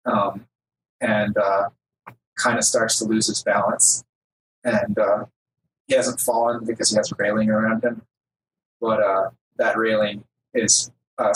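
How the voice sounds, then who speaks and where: A man running a tabletop role-playing game as game master, talking with many fillers and pauses. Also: lowish voice, distant mic. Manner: hesitant, lots of fillers. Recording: noisy home recording.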